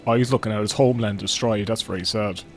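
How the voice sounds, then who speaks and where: A man's voice: fairly low pitch, steady tone, fast talker. A young man giving casual, jokey gameplay commentary and swearing freely. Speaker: gaming YouTuber. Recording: faint game music behind.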